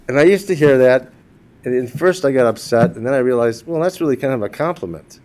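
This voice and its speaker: A man's voice: mid-range voice, animated, fairly quick, darkish tone. A man in his sixties giving a eulogy for his wife, telling humorous personal stories and laughing at his own jokes. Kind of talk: funeral eulogy told as personal anecdotes.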